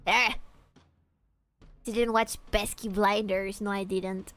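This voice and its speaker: A woman's voice: mid-range voice, flat delivery, takes it slowly, a bit bright. A young woman from Peru, streaming a game and joking and teasing with her chat, swearing casually. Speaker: VTuber streamer.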